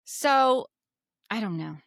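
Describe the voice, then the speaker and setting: A woman's voice: fairly high pitch, animated, takes it slowly, gravelly, fairly bright tone, no room sound. Chatty New Jersey woman, dry close sound. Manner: chatty, repeats herself, opinionated. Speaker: podcast co-host. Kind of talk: casual chat recapping a reality show.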